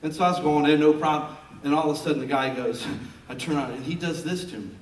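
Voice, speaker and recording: A man preaching a sermon as a pastor, an animated storyteller who jokes as he talks, recorded in a church sanctuary. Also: on the high side, quick pace, a little hiss or hum. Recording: roomy and distant from the mic.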